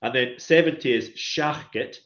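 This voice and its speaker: A man leads a calm one-to-one language lesson, voice at an ordinary middle pitch. He is patient and encouraging as he drills words with his learner. The sound is dull and lo-fi. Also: measured pace. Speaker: Gaelic language teacher.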